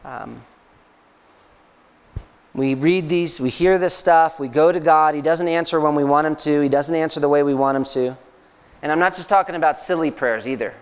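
A man preaching a sermon as pastor, speaking conversationally with fillers and soft laughs. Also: on the high side, normal speed, clear, resonant tone. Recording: long hall reverb.

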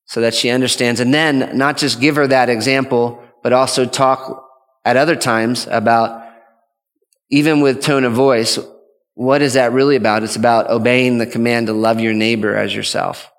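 A man's voice: medium pitch, steady tone, moderate pace, in a large hall. A man giving an earnest, conversational teaching talk on parenting as a father, often restarting his sentences. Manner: earnest, rambling with frequent restarts.

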